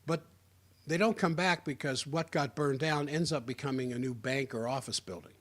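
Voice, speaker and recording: A man's voice: mid-range voice, normal speed, fairly bright tone. A man giving a sarcastic, rambling political opinion monologue, often restarting his sentences. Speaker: political commentator.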